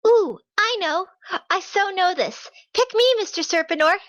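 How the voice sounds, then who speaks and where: A woman voicing an eager, excitable teenage schoolgirl who talks in a bubbly rush. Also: very high-pitched, moderate pace, no echo. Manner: bubbly, overeager.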